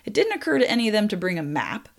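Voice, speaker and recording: A young woman narrating a true story in a lively way, with apologetic, self-deprecating asides. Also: medium pitch, rapid-fire, creaky. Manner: lively, laughs at own slips, apologetic asides.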